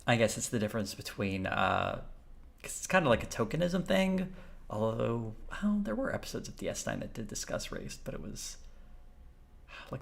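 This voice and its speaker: A man's voice: fairly low pitch, vocal fry, fairly bright tone. A man streaming live, chatting and reacting in a rambling, amused way.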